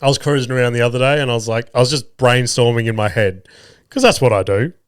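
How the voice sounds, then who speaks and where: A man's voice: medium pitch, fast talker, smooth, dry recording, clean studio sound. A man in his thirties hosting a solo podcast, telling rambling, crude stories and laughing at his own jokes. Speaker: podcast host. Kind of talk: casual solo podcast storytelling.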